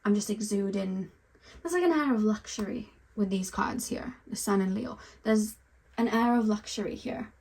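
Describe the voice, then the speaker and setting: A woman's voice: mid-range voice, normal speed, darkish tone, breathy edge. Woman, tarot reader, casual chatty delivery addressed to the viewer. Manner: chatty, frequent ums and likes, speaks straight to the viewer. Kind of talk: pick-a-card tarot reading, casual chat.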